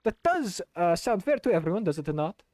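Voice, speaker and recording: A man's voice: big pitch swings, a little fast, darkish tone, no room sound. A man voicing a vain, showy male rogue merchant in a put-on Italian accent while playing a video game. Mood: grandiose. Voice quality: high theatrical flourish.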